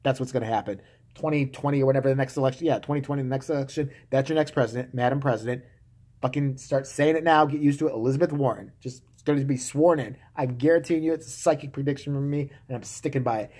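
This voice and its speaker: A man's voice: mid-range voice, quick pace, a little mellow. A man delivering a vulgar, heated, mocking solo rant to camera. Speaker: vlogger.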